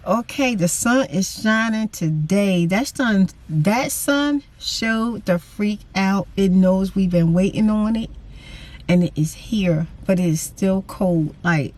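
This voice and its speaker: A middle-aged woman hosting her vlog in casual, animated chat, calling her viewers y'all and saying freaking often. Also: medium pitch, takes it slowly. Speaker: vlogger and host.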